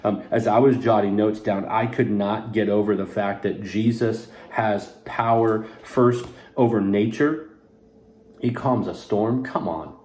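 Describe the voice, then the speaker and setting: A man's voice: lowish voice, a little slow, darkish tone, reverberant. A man serving as pastor, teaching a short devotional on a Bible passage, earnest and conversational, putting scripture into casual everyday words.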